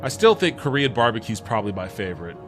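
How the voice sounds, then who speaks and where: Speaking on the low side in a sing-song, quick-paced way, this man riffs with his livestream audience, reading their messages out and responding. His talk is relaxed and peppered with profanity, while faint music sits softly underneath.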